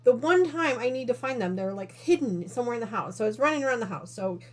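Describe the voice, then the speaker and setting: A woman's voice: fairly high pitch, lively intonation, quick pace. A woman from Northern Illinois hosting a quilting live stream in casual chat, out of breath and chatty, with apologetic asides to her viewers. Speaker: quilting channel host.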